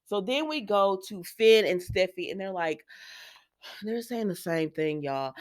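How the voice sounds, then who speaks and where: A woman's voice: mid-range voice, animated, a little slow. A woman hosting a casual soap opera recap, chatty and opinionated, talking straight to her viewers.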